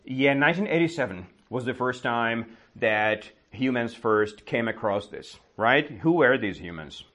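A man's voice: medium pitch, animated, unhurried, fairly bright tone. A man teaching with a casual story, asking and answering his own questions and often adding "right?".

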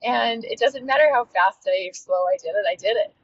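A woman who hosts a podcast and coaches fitness delivers a heartfelt, reflective solo monologue with frequent restarts, speaking at normal speed with a medium pitch. The recording is dull and slightly lo-fi, with faint noise.

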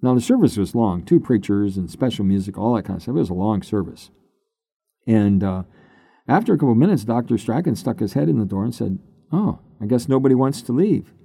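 An older man, a pastor, telling his personal testimony in an unhurried, halting way that turns emotional at times. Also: lowish voice, expressive, vocal fry, warm tone, slightly rough, no room sound, clean studio sound. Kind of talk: personal testimony, conversational storytelling.

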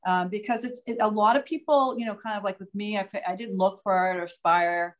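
A woman's voice: medium pitch, fairly even intonation, brisk. A middle-aged woman from outside Boston with a light Boston accent, talking earnestly and at length as a podcast guest, with frequent "um"s and restarts. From Massachusetts, US. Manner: earnest, talkative, many fillers and restarts. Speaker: guest, psychic medium and author. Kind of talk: casual interview chat.

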